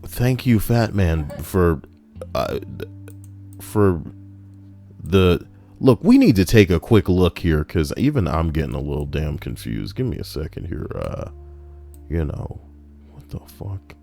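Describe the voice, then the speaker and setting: A man's voice: low voice, expressive, measured pace, vocal fry, long pauses, dark tone, faint music behind. A young man hosting a casual livestream, reacting to viewer messages in a profane, rambling way and laughing at his own stories. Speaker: livestream host. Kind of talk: casual reaction stream chat.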